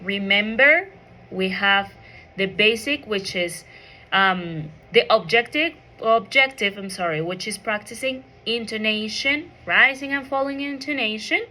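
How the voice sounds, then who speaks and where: A woman's voice: mid-range voice, measured pace, pushed and bright. A woman teaching an English pronunciation micro lesson, asking the class questions and checking in with "okay?" after each point.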